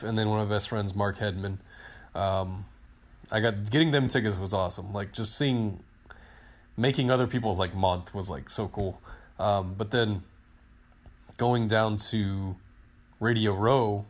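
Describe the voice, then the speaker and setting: A man in his thirties tells a story on a casual podcast. His voice sits a little low, and he rambles along with excitement, acting out the lines of the people in the story. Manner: excited, rambling storyteller who acts out quotes. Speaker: podcast co-host, team digital director.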